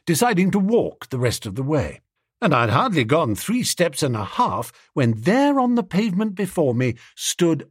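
A man's voice: a little high, breathy edge, no room sound, studio quality. A man reading a comic story aloud in a jaunty first-person narration. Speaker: audiobook narrator.

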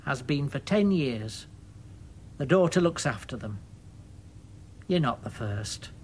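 An actor playing a fussy, mild-mannered middle-aged man in a dramatic monologue, prim and quietly aggrieved. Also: mid-range voice, expressive, takes it slowly, a little hiss or hum. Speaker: monologue narrator.

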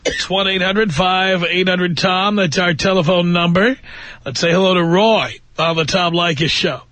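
Blunt, high-voiced radio host. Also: male voice, a bit bright, dry recording. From New York area. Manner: blunt, sarcastic, quick to argue. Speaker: radio talk show host. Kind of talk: call-in radio talk. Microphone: studio mic.

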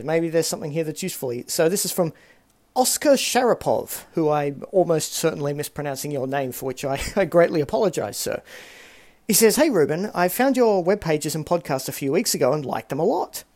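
A man's voice: fairly high pitch, darkish tone. A man hosting a casual solo podcast, talking in a chatty, self-deprecating way full of rambling asides. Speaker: podcast host.

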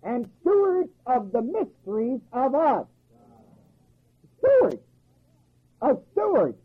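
A man's voice: very high-pitched, sing-song, unhurried, breathy edge. A man preaching a sermon in a folksy, emphatic way, firing rhetorical questions and chuckling at his own jokes. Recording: tinny phone-like old recording.

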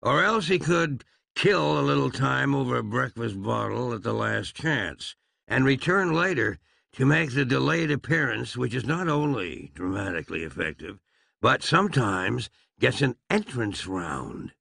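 A man narrating a comic western audiobook with a wry, lively storytelling manner. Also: medium pitch, unhurried, vocal fry, dry recording.

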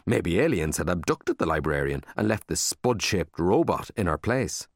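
A man reads a children's storybook aloud with a deep, low voice. His delivery is expressive and animated, swinging widely in pitch, and the recording is dry and close with no room sound. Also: moderate pace, no echo. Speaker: audiobook narrator. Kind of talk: storybook narration.

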